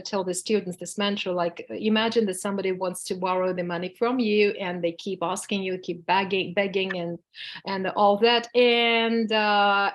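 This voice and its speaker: A woman with a Russian accent, a native Russian speaker, teaching a workshop on public speaking, speaking hesitantly with frequent fillers and restarts. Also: mid-range voice. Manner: demonstrates tongue twisters with exaggerated falling tones. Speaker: workshop instructor. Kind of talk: lecture to a workshop audience.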